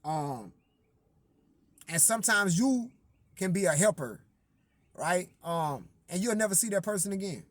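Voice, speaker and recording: Brief: man telling his own story, slangy and profane, pitch leaping around, dry close sound. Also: unhurried, long pauses, no room sound. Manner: animated, swings between loud outbursts and low asides; slangy, profane, addresses listeners directly. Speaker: singer-songwriter telling a personal story. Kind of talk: casual storytelling monologue.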